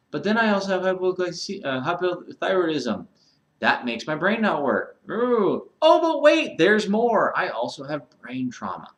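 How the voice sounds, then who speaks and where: A man talks straight to camera in a blunt, candid monologue, swearing freely and rambling through his fillers. His voice sits at a middling pitch. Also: fairly bright tone. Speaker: vlogger.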